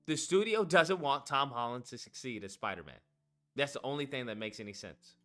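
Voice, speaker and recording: Guy ranting on stream, swears a lot, bright edgy voice, bit of music in the back. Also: medium pitch, fairly quick. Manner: animated, profane, repeats himself for emphasis. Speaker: streamer reading chat comments. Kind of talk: heated casual rant.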